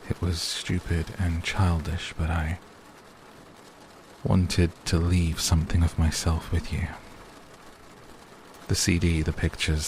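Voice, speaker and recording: A man voicing a brooding, restrained young man who speaks in a flat, guarded way. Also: low-pitched, slight background noise.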